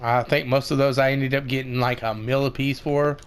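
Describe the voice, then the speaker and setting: A man's voice: medium pitch, level tone, a little fast, clean tone. A man giving casual, rambling commentary over a game tutorial, with many fillers and restarts. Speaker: gaming video creator.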